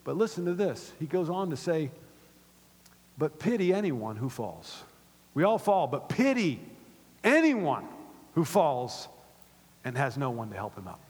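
A middle-aged pastor preaching a sermon in a church, animated and repetitive, dropping to soft asides between louder points. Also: male voice, on the high side, normal speed, husky. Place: church auditorium. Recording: long reverb of a large hall.

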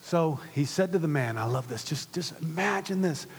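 A man preaching a sermon as pastor, swinging from loud emphatic lines to hushed whispers. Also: on the high side, expressive, normal speed, breathy edge, long reverb tail.

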